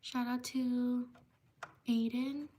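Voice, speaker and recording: A woman hosting a live stream, reading out viewers' names one by one in a slow, repetitive way. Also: a little high, little pitch movement, dark tone. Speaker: livestream host.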